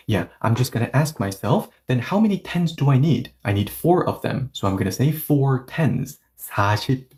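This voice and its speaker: A man whose first language is Korean, teaching a casual video lesson in English. He explains step by step, thinks aloud with many "okay, so" fillers and rhetorical questions, and says the Korean examples slowly, repeating them. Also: mid-range voice, darkish tone.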